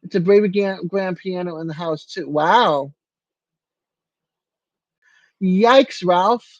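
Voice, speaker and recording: A man's voice: high voice, takes it slowly, no room sound, highs cut off. An older man hosting a casual livestream from his apartment, answering viewers by name in a chatty way. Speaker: livestream host.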